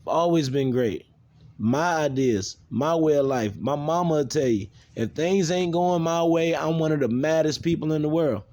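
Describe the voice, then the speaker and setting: A man's voice: a little high, moderate pace, a little mellow. A man from the South, talking bluntly and profanely in an unscripted video monologue. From American South. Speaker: video maker.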